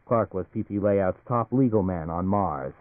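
A man reading a novel aloud in a steady, even narration. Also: deep voice, normal speed, no room sound. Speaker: audiobook narrator. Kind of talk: scripted narration. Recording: phone-like narrow band, dry.

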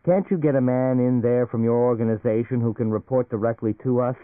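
A man's voice: mid-range voice, fairly even intonation, brisk, no room sound, natural voice. A man voicing an anxious male business executive who talks in agitated, rising outbursts. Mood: worried. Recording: phone-like narrow band, dry.

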